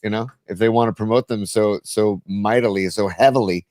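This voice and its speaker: A man's voice: fairly low pitch, steady tone, fairly quick, a little mellow, no echo. A man co-hosting a podcast in casual sports chat, loose and chatty, reading listener song picks. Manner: loose and chatty, calls everyone dude. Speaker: podcast co-host.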